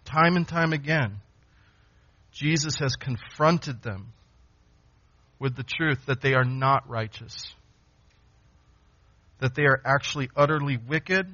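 A man's voice: mid-range voice, sharp tone. A man preaching an expository sermon, emphatic, repeating phrases and asking rhetorical questions. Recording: dull lo-fi sound.

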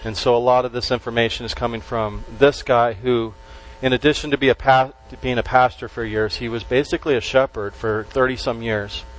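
A man preaching a sermon to a congregation, stressing key words slowly and letting his voice drop at the ends of phrases. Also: mid-range voice, fairly even intonation, poor audio. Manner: emphatic, with slow stressed words and dropped endings. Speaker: pastor.

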